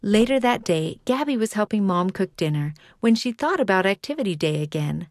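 A woman narrating a children's magazine story in a calm, clear way. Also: mid-range voice, brisk, no room sound, studio quality.

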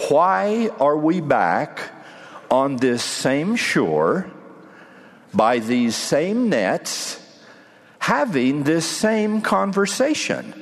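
A preacher voicing an earnest, pleading Jesus. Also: male voice, mid-range voice, exaggerated voice. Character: Jesus, a grown man, earnest and searching. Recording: long hall reverb.

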